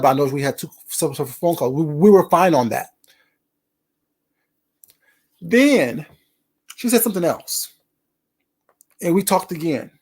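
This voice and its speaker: A streamer telling his viewers a story, profane and emphatic, driving his points home with repetition. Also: high-pitched.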